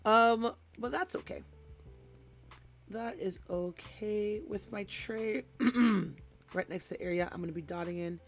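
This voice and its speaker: Chatty young woman, slow, soft music. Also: mid-range voice. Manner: animated storytelling, mimics voices, chatty asides. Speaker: hobby streamer, teacher of young children. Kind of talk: casual chat while crafting.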